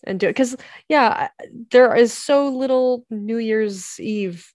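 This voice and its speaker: A woman's voice: a little high, takes it slowly, darkish tone, no room sound, studio quality. A woman hosting a podcast in casual chat, laughing often and steering the talk along. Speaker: podcast host.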